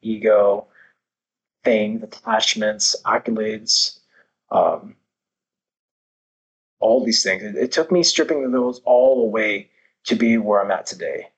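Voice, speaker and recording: A man's voice: lowish voice, sing-song, takes it slowly, vocal fry, long pauses, breathy edge, poor audio. A man talking as a podcast guest, intense and emphatic, swearing heavily while he talks candidly about growth. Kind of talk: candid motivational talk.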